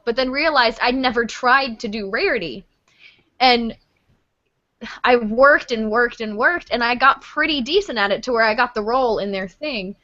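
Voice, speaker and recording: Woman voice actor, bright, sharp voice, slightly high, lo-fi muffled call audio, earnest. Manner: earnest, advice-giving, storytelling. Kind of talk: casual podcast chat.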